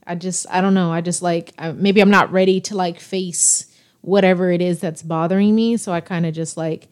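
A woman's voice: on the low side, fairly even intonation, moderate pace, a little mellow. A woman co-hosting a podcast, speaking thoughtfully and a little hesitantly in a casual chat. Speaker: podcast co-host.

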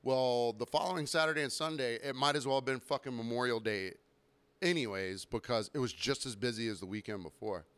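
A young man hosting a podcast, telling a rambling, profane, self-mocking story while getting over a sore throat and clearing it now and then. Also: mid-range voice, brisk, fairly bright tone. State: recovering from illness, throat clearing. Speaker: podcast host. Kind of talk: casual storytelling monologue.

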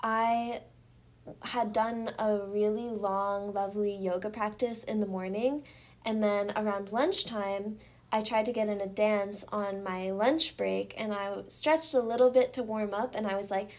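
A woman's voice: medium pitch, fairly even intonation, measured pace, darkish tone. Reflective woman telling a story in conversation. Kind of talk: casual conversation.

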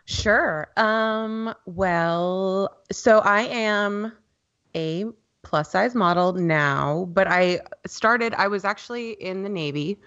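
A woman's voice: mid-range voice, slow pace, fairly bright tone, dull audio. A woman guest on a podcast, chatting casually and loosely about her path, with many ums and likes. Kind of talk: casual interview chat.

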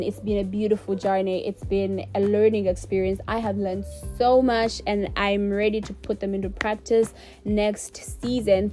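A young woman hosting her own podcast who talks emotionally and effusively, laughing to hold back tears as she thanks her listeners. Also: medium pitch. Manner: warm and effusive, repeats thanks. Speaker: podcast host. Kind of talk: casual solo podcast outro.

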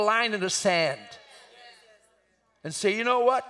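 A man preaching an impassioned sermon, building to shouts at the peaks of his points. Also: high voice, lively intonation, slow, long pauses, some chatter behind.

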